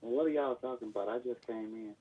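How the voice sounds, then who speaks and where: A man calling in while lying down, with a slow, low, laid-back drawl. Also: lo-fi sound, very noisy. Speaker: caller. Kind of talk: casual phone chat.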